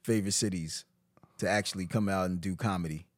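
A man's voice: sits low, fast talker. A man who is a stand-up comedian, a guest on a podcast, speaking in an easygoing way with frequent restarts. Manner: easygoing, agreeable, stumbling restarts. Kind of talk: casual podcast chat.

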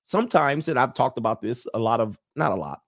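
A man hosts a reaction commentary show with emphatic, preachy delivery, repeating lines to drive his point home. His voice sits at a middling pitch, and the sound is close and dry. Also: expressive, brisk, no echo. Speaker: host.

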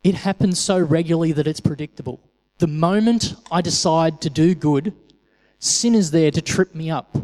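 A man's voice: a little high, normal speed, a little mellow, in a large hall, low-quality recording. A man preaching a sermon in a conversational way, often repeating words as he starts a phrase.

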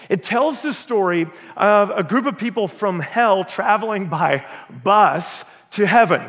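A high-pitched male pastor preaches in an earnest, conversational way, with a gravelly edge to his voice. He stumbles over repeated words now and then and reads passages aloud from a book. The hall gives a long, echoing reverb. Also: fairly bright tone. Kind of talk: sermon with a book reading.

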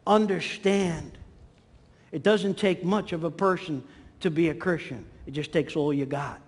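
A man preaching a sermon in a church hall, animated and acting out the voices in his stories. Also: measured pace, husky. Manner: animated, acts out quotes with swings in pitch and volume. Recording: long hall reverb.

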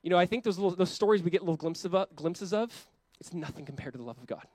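A young adult man preaching a sermon as pastor, impassioned and often voicing God in quick quoted asides. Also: high-pitched, lively intonation, darkish tone, dry recording.

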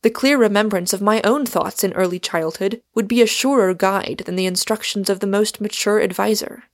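A woman narrating an audiobook in the first person, in a measured, earnest manner. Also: medium pitch. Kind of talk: scripted narration.

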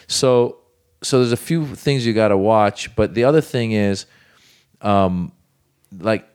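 A comedian telling a lively story in casual talk, acting out other voices. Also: male voice, fairly low pitch, slow, smooth. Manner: animated, acts out voices in anecdotes. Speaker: comedian guest.

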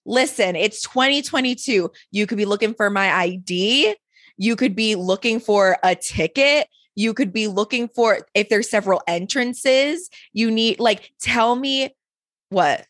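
A woman's voice: on the high side, measured pace, a bit bright, no echo, clean studio sound. A woman co-hosting a casual podcast, ranting and repeating lines for emphasis. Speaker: podcast co-host. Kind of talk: casual chat. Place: New York area.

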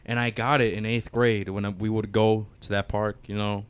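A man's voice: fairly low pitch, little pitch movement, moderate pace, clear, resonant tone, dry recording. Young male co-host, loose and profane, restarts a lot, casual podcast storytelling. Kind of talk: casual chat.

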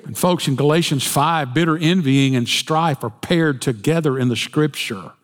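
A man's voice: a little high, normal speed. A man preaching a sermon in a folksy storytelling way, with jokes. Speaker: pastor. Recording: long hall reverb.

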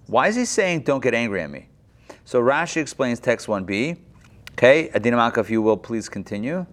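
A man's voice: mid-range voice, very animated, a little fast. A man teaching an online Torah class over a video call, retelling the text in casual modern speech.

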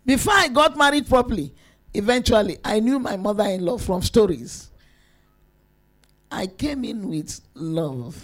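A woman preaching a sermon to women, emphatic and lively, rising to shouts at her peaks. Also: mid-range voice, a little slow.

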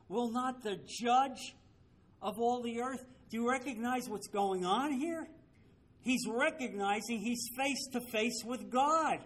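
A man's voice: high-pitched, lively intonation, slow pace, a bit bright. A man teaching a Bible study, emphatic, often checking with his listeners through rhetorical questions.

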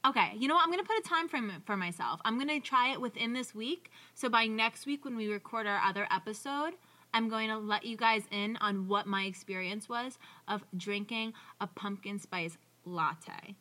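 A woman's voice: a little high, moderate pace, bright, forceful tone. A young woman co-hosting a podcast, chatting casually and rambling with lots of fillers. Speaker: podcast co-host. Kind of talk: casual chat.

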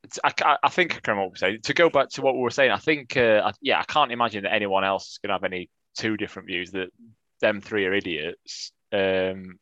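A man's voice: on the low side, quick pace, bright, forceful tone, no room sound, highs cut off. A man co-hosting a football fan podcast, chatting casually with wry, teasing banter and frequent restarts. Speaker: podcast co-host.

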